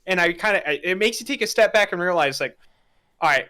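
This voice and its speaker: Bright-voiced young man chatting. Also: high voice, animated, quick pace. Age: 20s. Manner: rambling, swears casually. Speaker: podcast guest. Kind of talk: casual podcast chat.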